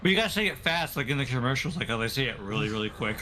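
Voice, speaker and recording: A man's voice: medium pitch, animated, rapid-fire, bright, forceful tone, a little hiss or hum. A man co-hosting a live stream, trading jokes and teasing banter. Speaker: co-host.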